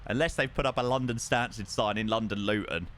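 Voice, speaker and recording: A man streaming live, chatting casually and excitably with his viewers and swearing now and then. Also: lowish voice, brisk. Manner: excitable, swears, talks to chat.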